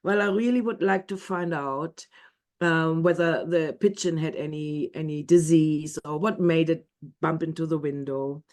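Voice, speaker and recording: A woman's voice: sits low, steady tone, unhurried, darkish tone. A woman storyteller voicing a stern young woman who tracks birds, talking in an urgent, scolding way.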